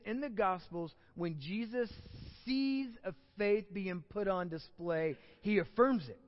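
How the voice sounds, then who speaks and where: A man's voice: high voice, in a large hall, highs cut off. A man with a Texan accent preaching a sermon to a church congregation, talking in a conversational way with many restarts and building to emphatic peaks. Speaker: pastor.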